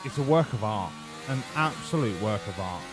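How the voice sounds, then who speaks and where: A man's voice: on the low side, animated, normal speed, background noise. A man giving casual, sweary, joking commentary while live-streaming a racing management game.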